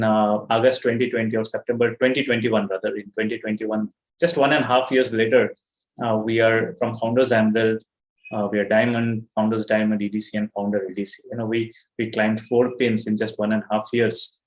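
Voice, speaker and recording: A middle-aged man with an Indian accent giving an earnest, emphatic motivational talk to his business team, often saying "you know". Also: medium pitch. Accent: Indian English. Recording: roomy echo.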